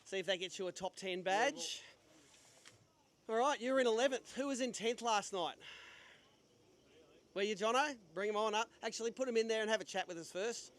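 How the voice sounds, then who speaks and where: A man's voice: high voice, a little fast, long pauses, fairly bright tone. A man hosting a live fishing weigh-in, chatty and upbeat with jokey banter. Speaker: tournament weigh-in host. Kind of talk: live event hosting and quick interviews. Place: outdoor weigh-in stage at a sailing club.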